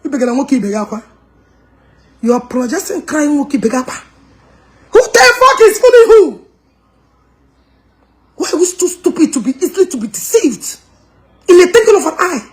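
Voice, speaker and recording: A woman's voice: sits high, expressive, fast talker, darkish tone. A woman with a Nigerian Igbo accent delivering a heated, mocking rant as a commentator. She mixes English and Igbo and laughs with scorn. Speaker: social media commentator.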